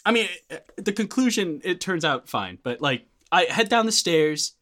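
A young man, a podcast guest, telling a story in casual chat, animated and full of likes and restarts. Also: high-pitched, normal speed.

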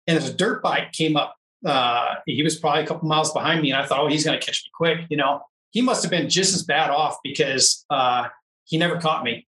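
A man telling a long personal story in a casual interview, animated and laughing often. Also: fairly high pitch, fairly quick, echoey room, distant mic, poor audio. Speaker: interview guest, off-road racer.

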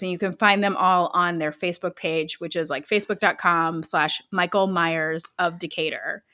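Laughing woman telling a funny story. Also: on the low side. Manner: laughs often while telling a story, animated quoted voices. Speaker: podcast co-host. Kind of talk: casual storytelling chat.

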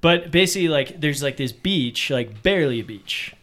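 A young man, a fishing guide, telling stories in casual podcast chat, rambling and laughing, acting out quotes loudly. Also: fairly high pitch, animated, normal speed.

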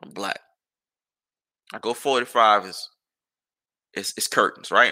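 A man's voice: lowish voice, a little slow, pauses often, pushed and bright. A man hosting a podcast, ranting casually and with exasperation, firing off rhetorical questions and curses. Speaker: podcast host.

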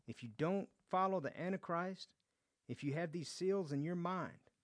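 Speaking at normal speed in a high-pitched voice, a Bible teacher leads a verse-by-verse study. He reads scripture aloud, then explains it conversationally with acted quotes, often repeating words and restarting phrases.

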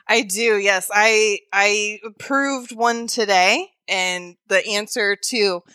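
A woman's voice: mid-range voice, bright, forceful tone, clean tone, no echo. A woman co-hosting a podcast, chatting casually and joking while she reads out a listener's story. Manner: chatty, joking, quick asides. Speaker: podcast co-host.

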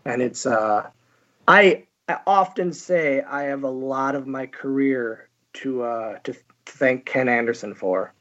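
Bright-voiced man telling wrestling-start stories. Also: medium pitch, lo-fi sound. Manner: halting, lots of fillers and restarts, chuckles. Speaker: guest, professional wrestler. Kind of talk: casual storytelling interview.

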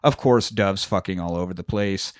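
A man's voice: low voice, normal speed. A man co-hosting a podcast, recapping a film in casual chat, swearing freely and laughing often. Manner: profane, jokey, laughs often, acts out scenes. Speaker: podcast co-host.

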